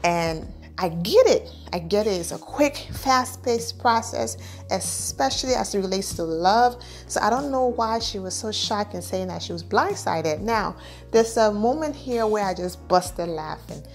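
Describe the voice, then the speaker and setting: A woman's voice: medium pitch, animated, measured pace, faint music behind. Chatty woman recapping a TV show. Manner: chatty, slangy, repeats herself. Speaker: TV show reviewer. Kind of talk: casual recap commentary.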